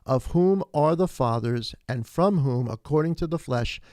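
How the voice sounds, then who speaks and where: Male pastor mid-sermon, mid-pitched, close and dry mic, preaches with climbing emphasis. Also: moderate pace, no echo. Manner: animated preaching, rising to emphatic peaks, frequent restarts.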